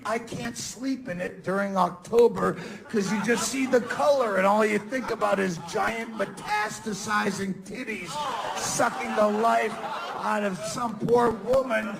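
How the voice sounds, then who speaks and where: Gravelly, high-pitched ranting comedian. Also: male voice, low-quality recording. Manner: ranting, sarcastic, mock-shouting. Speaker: stand-up comedian. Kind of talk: stand-up comedy set. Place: comedy club stage. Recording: live club recording with audience laughter. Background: audience laughter.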